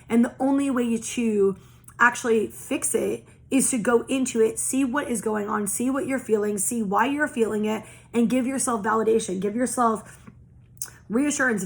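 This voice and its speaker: A young woman with a creaky, somewhat high voice gives a casual spiritual oracle reading as a tarot and oracle reader. She reassures earnestly, repeats phrases in long lists, and swears now and then.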